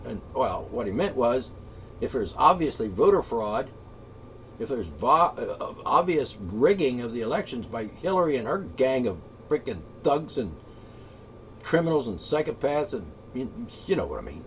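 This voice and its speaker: A man delivering an angry, profane solo rant, sarcastic and swinging between shouting and muttering. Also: medium pitch, sing-song, normal speed, slight background noise. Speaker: political commentator.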